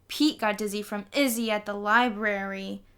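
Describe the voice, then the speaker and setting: A woman's voice: medium pitch, steady tone, moderate pace, fairly bright tone, smooth, close to an everyday voice. A woman voicing a chatty, cheeky little boy who eagerly tattles in a singsong way. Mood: chattering.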